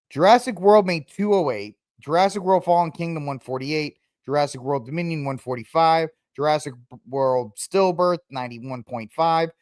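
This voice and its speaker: A man hosts a solo podcast in an easy, offhand way. He rambles, stops to think out loud, and fills the gaps with ums and uhs. His voice sits in a middle pitch and the sound is close and dry, with no room around it. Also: no room sound. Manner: rambling, thinks aloud with many fillers and restarts. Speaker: podcast host. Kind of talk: casual solo commentary.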